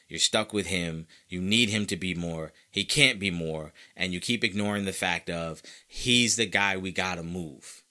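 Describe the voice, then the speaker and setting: A man hosting a sports podcast, talking casually and emphatically, repeating himself as he argues his opinions. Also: sits low. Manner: emphatic, animated and opinionated, with frequent repetition. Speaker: podcast host.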